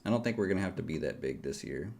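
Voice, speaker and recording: A man's voice: low-pitched, lively intonation, racing, vocal fry, darkish tone. A middle-aged man chatting casually on a livestream, rambling and jokey as he talks straight to his viewers. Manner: self-deprecating, jokey. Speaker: livestreaming futures trader.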